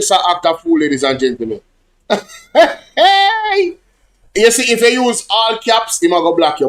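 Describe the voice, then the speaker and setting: A man's voice: high-pitched, fairly bright tone. A man with a Jamaican accent hosting a casual livestream, talking animatedly and slipping between English and patois as he addresses the chat. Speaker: livestream host.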